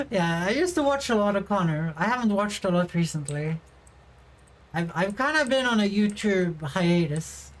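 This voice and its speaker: A young woman in a casual livestream chat, talking straight to her viewers from a home streaming setup. She giggles often and answers messages with chatty, easygoing replies. Her voice sits at an ordinary middle pitch for a woman. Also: expressive, measured pace, rough recording. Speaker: VTuber livestreamer.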